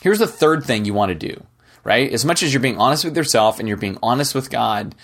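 A man's voice: medium pitch, animated, fairly quick, creaky, fairly bright tone. A middle-aged man hosting a podcast, giving an earnest, conversational Christian teaching that often ends points with "right?". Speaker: podcast host. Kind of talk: casual Christian teaching monologue.

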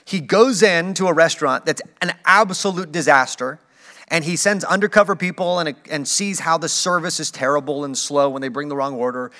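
A man's voice: on the high side, fairly quick, bright, forceful tone. A man preaching a sermon in a casual, conversational way, with playful acted asides. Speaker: pastor.

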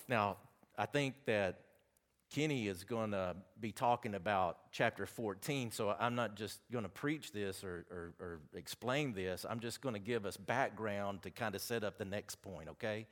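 A man's voice: on the low side, normal speed, fairly bright tone. A man with a Southern accent preaching a sermon, chatty and folksy, with asides between the scripture readings.

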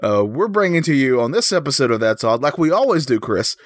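A man's voice: medium pitch, sing-song, brisk, no room sound, clean studio sound. A man co-hosting a podcast who cracks teasing jokes and chats casually. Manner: jokey, teasing asides. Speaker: podcast co-host.

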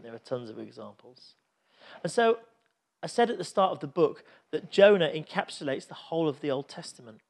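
A man's voice: medium pitch, a little mellow. A man preaching a sermon, telling a Bible story in an earnest, reflective way.

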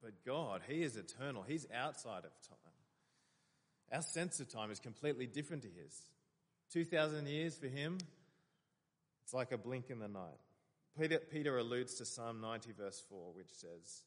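A man's voice: medium pitch, animated, normal speed, big-room sound. A man preaching a sermon, earnestly explaining scripture and reading verses aloud.

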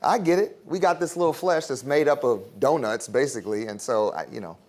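A man's voice: mid-range voice, a little fast, darkish tone. A man teaching a Bible class in a casual, conversational way, with chuckling asides, ending in prayer.

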